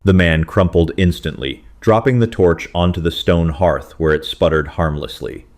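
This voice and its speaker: A man with a very low, deep voice reads a dramatic story aloud at an even, measured pace. His delivery is steady and scripted, and he holds the tension without rushing. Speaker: narrator.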